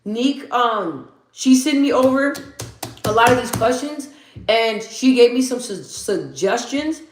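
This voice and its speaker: A woman's voice: fairly high pitch, animated, unhurried, reverberant, background noise. A woman hosting a casual livestream, talking candidly and rambling, swearing freely and reading out viewer comments. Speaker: livestream host.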